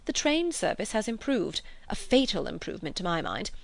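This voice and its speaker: A woman reading aloud, voicing a fussy, excitable older gentleman who frets and gushes. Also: a little fast, gravelly, no room sound. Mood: excited, fretful. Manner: fretful, gushing, high and animated.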